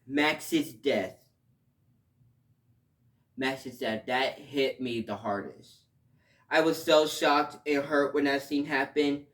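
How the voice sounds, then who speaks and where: A man giving a casual video review, talking emotionally and rambling, with sudden loud outbursts between quieter stretches. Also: medium pitch, steady tone, slow, pauses often. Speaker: show reviewer.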